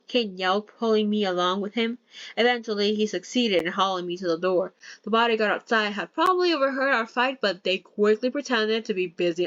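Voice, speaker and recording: Young woman reading a novel aloud, casual, quick to joke and swear, dry muffled sound. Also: medium pitch, lively intonation, fairly bright tone, dry recording. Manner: joking asides, swears, self-corrects. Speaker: novel reader. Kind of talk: casual novel read-along with commentary.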